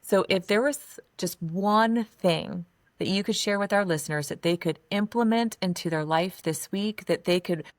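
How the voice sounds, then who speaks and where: A woman's voice: mid-range voice, normal speed, no echo. A woman hosting a podcast interview, affirming her guest and asking questions. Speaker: podcast host.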